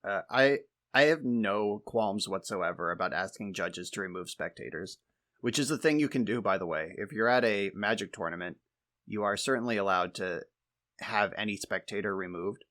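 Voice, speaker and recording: A man's voice: on the low side, moderate pace, a bit bright. A man co-hosting a podcast, telling exasperated, wry stories in casual chat and swearing freely. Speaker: podcast co-host.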